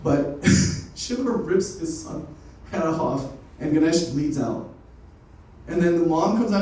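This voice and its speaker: Slow and mellow, with a slightly high and expressive delivery, a young stand-up rambles through unplanned stories packed with cursing and laughter. He's at a comedy open mic, captured from a distance in a room full of echo.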